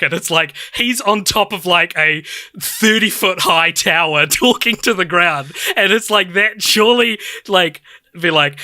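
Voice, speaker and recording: A man co-hosting a podcast in casual film chat, excitable and laughing, with lots of "like" fillers. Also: high voice, unhurried, dry recording, studio quality. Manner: excitable, laughing, heavy use of "like". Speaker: podcast co-host.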